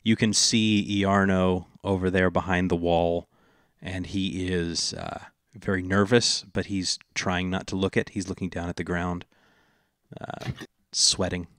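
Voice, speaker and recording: A man narrating a tabletop game as dungeon master, slow and halting with many fillers. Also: sits low, little pitch movement, a bit bright, dry recording, studio quality.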